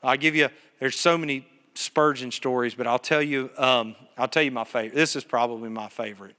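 A man's voice: medium pitch, fairly even intonation, fairly quick, sharp tone, in a large hall. A man preaching a sermon live in church, telling stories and asking his congregation questions. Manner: earnest storytelling preacher, asks the congregation questions. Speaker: pastor. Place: church sanctuary, live service. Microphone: PA microphone.

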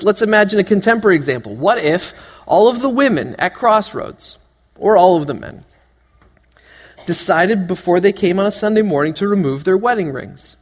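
A man preaching a sermon to his church, animated and joking, asking the congregation one question after another. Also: high voice. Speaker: pastor. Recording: long hall reverb.

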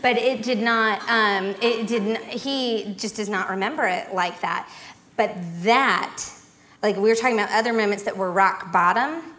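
A woman giving a personal testimony as a guest speaker, telling her story in a dramatic, animated way. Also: mid-range voice, unhurried.

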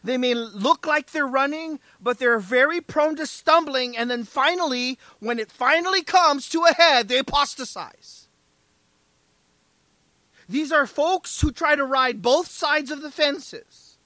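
A man's voice: very high-pitched, unhurried, pushed and bright, dry recording. A man preaching a sermon as pastor, emphatic, often asking the congregation "right?" and "amen?".

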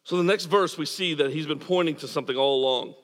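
A man's voice: fairly high pitch, fast talker, a bit bright, in a large hall. A man preaching a sermon as pastor, earnest and emphatic, repeating words as he drives points home. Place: church.

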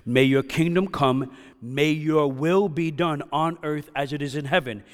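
A male pastor preaching a sermon, dropping to hushed tones and then rising to loud, impassioned emphasis. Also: on the high side, fairly even intonation, a little slow. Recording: hall reverb.

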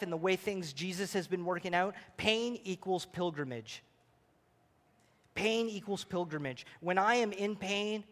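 A pastor with a high voice preaches a sermon in a large hall, swinging between near-shouted exclamations and quiet, hushed passages.

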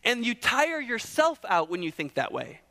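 A man's voice: extremely high pitch, huge pitch swings, moderate pace, vocal fry, sharp tone, long reverb tail. A man preaching a sermon, emphatic, asking and answering his own questions.

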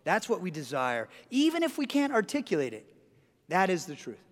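A man's voice: sits high, wildly swooping pitch, normal speed. A man preaching a sermon as pastor, telling stories earnestly with frequent restarts. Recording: long hall reverb.

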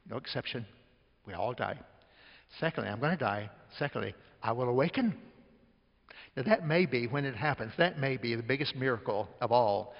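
Preacher in a reverberant church. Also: male voice, medium pitch, lo-fi sound. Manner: slows down to read scripture aloud, leads the congregation. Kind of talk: sermon. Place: church service.

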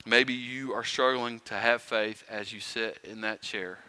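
Male pastor, bright and forceful tone, conversational sermon with rhetorical questions. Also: fairly low pitch, fairly even intonation, measured pace, smooth. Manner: conversational preaching, rhetorical questions, dramatic quiet and loud swings. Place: church sanctuary.

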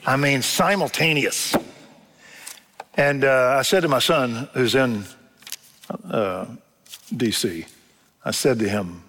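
A man's voice: medium pitch, slow, long pauses, fairly bright tone. An older man preaching a sermon in a church, telling stories in a folksy way and acting out what people said. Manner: folksy storytelling, acts out quotes. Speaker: pastor. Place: church sanctuary. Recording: long reverb of a church hall.

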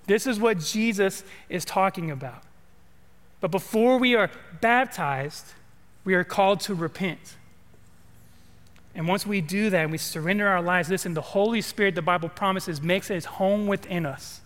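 A man's voice: high-pitched, normal speed, fairly bright tone, big-room sound. A man from California preaching a sermon in a casual, conversational way, repeating words and asking the congregation questions. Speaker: pastor.

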